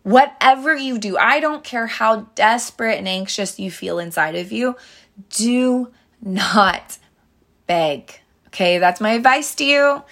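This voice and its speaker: A woman's voice: on the high side, expressive, unhurried, a bit bright. A young adult woman hosting a podcast, telling stories and giving dating advice to her listeners in a chatty, earnest way with many fillers and restarts. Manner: earnest, addresses listeners directly as girls. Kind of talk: casual advice monologue.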